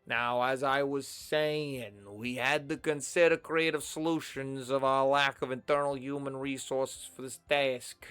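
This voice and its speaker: A man's voice: mid-range voice, steady tone, fairly bright tone, clean tone, close to an everyday voice. A man reading as a stiff formal secretary. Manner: formal, stiff, deliberate delivery. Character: formal male corporate secretary, polite and measured. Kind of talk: reading game dialogue aloud.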